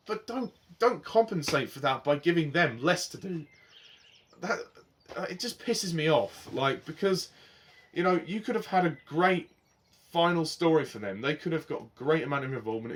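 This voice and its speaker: A man giving a casual spoken review of a TV series, passionate and rambling, swinging between heated outbursts and softer reflective stretches. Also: on the high side.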